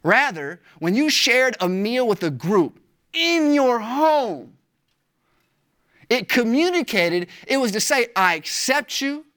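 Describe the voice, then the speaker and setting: A pastor preaches with lively, emphatic energy. The talk stays casual and slangy, and the pitch swings up high to stress key words. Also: slow. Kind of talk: sermon.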